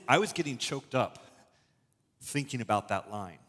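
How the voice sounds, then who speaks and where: A middle-aged male pastor delivers a sermon in a loose, conversational way, with animated stretches and frequent restarts. His voice sits in a middle range. The sound carries a long reverb tail from a large church room. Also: medium pitch, a little slow, pauses often. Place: church auditorium.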